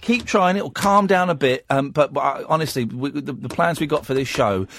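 A man hosting a late-night radio phone-in, teasing callers and joking around. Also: a little high. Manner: teasing, excitable, quick to joke. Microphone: studio microphone.

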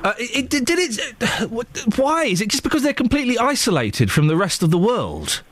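A man's voice: extremely high pitch, sing-song, a little fast, a bit bright. A man with an English accent presenting a casual radio show, playful and teasing with callers and co-hosts.

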